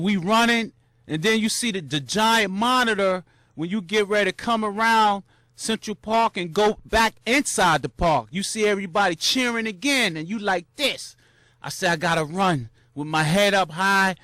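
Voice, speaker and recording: A young man tells his story in a loose, slangy ramble full of restarts. His voice sits high for a man, and it jumps up whenever he acts out the crowd cheering. The sound is dry and close, with almost no room around it. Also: normal speed, fairly bright tone, no room sound. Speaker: vlogger recounting a marathon. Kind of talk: casual storytelling monologue.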